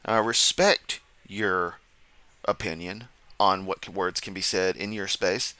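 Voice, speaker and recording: A man's voice: fairly low pitch, pushed and bright, no room sound. A man doing casual reaction commentary, rambling off on tangents and laughing at his own jokes, sounding sleepy. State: sleepy, yawning.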